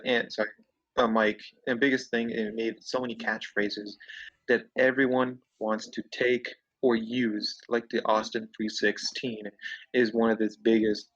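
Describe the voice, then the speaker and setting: A man's voice: mid-range voice, a bit bright. Insistent man on a muffled distant mic. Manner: insistent, argumentative, rambling. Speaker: co-host debating wrestlers. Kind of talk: casual podcast debate.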